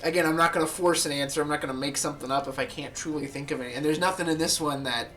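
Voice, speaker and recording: A man's voice: fairly high pitch, steady tone, rapid-fire, fairly bright tone, faint music behind. A man talking casually and enthusiastically about a favorite film, often quoting its lines. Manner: enthusiastic, quotes film lines in little voices. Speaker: podcast host.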